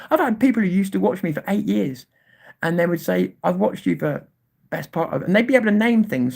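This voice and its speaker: A man's voice: sits high, vocal fry, darkish tone. A man hosting a live stream and reading chat aloud, talking in a confrontational, swearing manner at times and apologetic at others. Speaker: livestream host.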